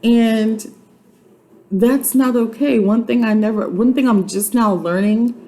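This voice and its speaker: A woman's voice: a little high, a little slow, warm tone, low-quality recording. A woman in her twenties giving an earnest, faith-based motivational vlog, urging and repeating herself like a preacher. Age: 20s. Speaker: YouTube vlogger.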